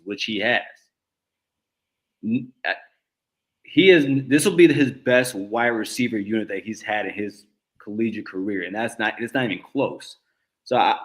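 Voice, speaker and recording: Thirties male co-host, lowish voice, halting football chatter full of restarts. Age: 30s. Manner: halting, many stuttered restarts. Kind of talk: casual sports talk.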